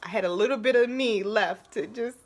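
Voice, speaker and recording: Woman vlogger, husky voice, confessional and raw, halting delivery veering from nervous laughs to near tears. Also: a little high. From Baltimore area, USA. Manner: emotional, halting, shifts between laughter and tears. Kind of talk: personal confessional vlog.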